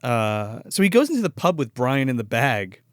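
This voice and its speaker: A man's voice: mid-range voice, sing-song, moderate pace. A man co-hosting a podcast, chatting casually and profanely about a film and acting out its scenes in put-on voices. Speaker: podcast co-host. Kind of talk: casual movie-review chat.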